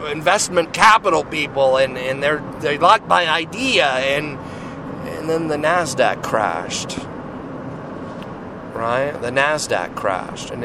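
An earnest man preaches informally outside, his slightly raised voice running on in restarts and repeated "you know". Car traffic and street noise carry clearly behind him. He sounds loose and heartfelt, more like a testimony than a formal sermon. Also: fairly high pitch. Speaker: Christian speaker sharing testimony. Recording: noisy street with passing cars.

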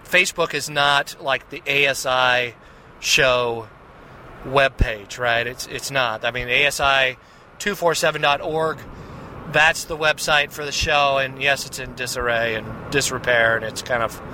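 A man's voice: mid-range voice, pushed and bright, a little hiss or hum, low-quality recording. A man hosting a podcast, talking in a casual confessional monologue, rambling with many restarts and "right?" tags. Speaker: podcast host.

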